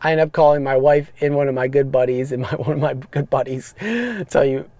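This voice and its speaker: A man, hosting a podcast and telling rambling, animated stories about his rideshare driving. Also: medium pitch, brisk, no room sound. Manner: animated, rambling, frequent restarts and fillers. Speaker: podcast host, rideshare driver. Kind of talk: casual storytelling monologue. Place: parked car.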